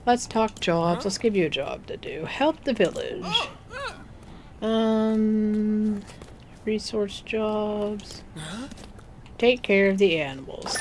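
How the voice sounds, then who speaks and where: A woman talks her way through a building game in a slow, easygoing way, her voice pitched in an ordinary middle range. She coos at the animals on screen and now and then sinks to a soft near-whisper. Faint noise hums under the recording. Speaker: gaming video creator. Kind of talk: casual gameplay commentary.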